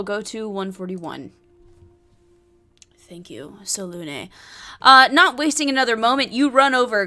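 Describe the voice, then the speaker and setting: A woman's voice: a little high, sharp tone. A woman reading and playing through a solo tabletop adventure, with chatty asides and many fillers. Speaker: solo game player and narrator.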